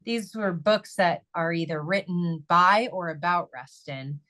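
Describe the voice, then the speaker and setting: Upbeat woman hosting a webinar, low voice. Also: measured pace, bright, forceful tone. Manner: upbeat and conversational. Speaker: webinar host. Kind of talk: closing announcements and donation appeal. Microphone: video call.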